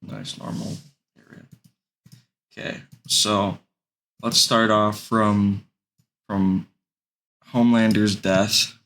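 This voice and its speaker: A man's voice: fairly low pitch, little pitch movement, takes it slowly, long pauses, a bit bright. A young man giving casual, rambling commentary, hesitant and full of fillers. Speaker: vlogger.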